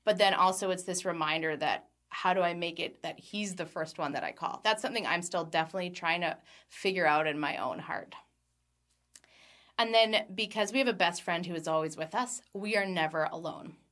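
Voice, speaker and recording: With a voice on the low side and a fairly bright tone, a Christian woman in her thirties gives an earnest devotional talk that includes scripture reading. Light laughs come between her thoughts, and she slows down on key phrases.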